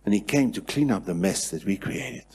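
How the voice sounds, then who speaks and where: A man preaching a sermon in church, swinging between hushed passages and loud, repetitive declarations. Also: fairly low pitch, animated, normal speed, slightly rough. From South Africa. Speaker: pastor.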